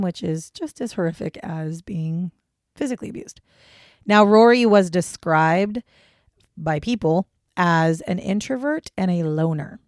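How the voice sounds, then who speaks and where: A young woman with a lowish voice co-hosts a true crime podcast, speaking casually and bluntly and swearing freely. The recording is dry and studio quality.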